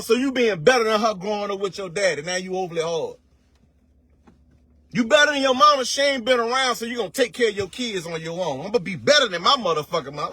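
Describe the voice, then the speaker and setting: In a dry recording, a man with a very high, bright, forceful voice gives a casual motivational rant as an online commentator. It's profane and preachy, loaded with slang and rhetorical questions, with stretched-out words for emphasis.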